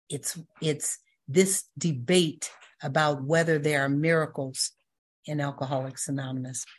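An older woman giving a personal testimony talk at a recovery meeting, telling stories and acting out the voices in them. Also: low-pitched. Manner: storytelling, acts out quoted voices, laughs.

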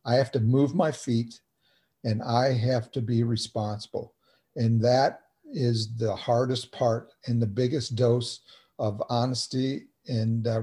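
Earnest, halting man with a mellow voice. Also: medium pitch. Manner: halting, many fillers and restarts, earnest. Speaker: recovery meeting speaker. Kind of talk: personal sharing on a video call.

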